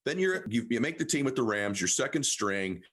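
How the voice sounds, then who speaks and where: A middle-aged male podcast host with a husky voice. He talks with eager, excitable energy and often races through his sentences as the excitement builds. His questions come out as animated, conversational storytelling. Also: mid-range voice, fairly quick. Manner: enthusiastic, excitable, speeds up in bursts. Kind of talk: conversational interview.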